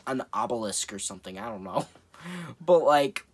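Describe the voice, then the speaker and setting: A man's voice: medium pitch, lively intonation, normal speed, breathy edge. A man giving a casual, rambling movie review, amused, often laughing and swearing.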